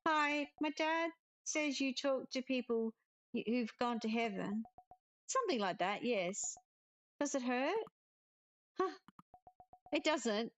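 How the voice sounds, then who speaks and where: A woman voicing a kind young witch who talks to spirits, in a soft, gentle way. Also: high-pitched, animated, slow pace, pauses often.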